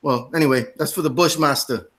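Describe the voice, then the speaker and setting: A man's voice: a little high, brisk, a bit bright. A man hosting a trivia show in a put-on Jamaican accent, playing a wrestling-style villain persona. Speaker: host.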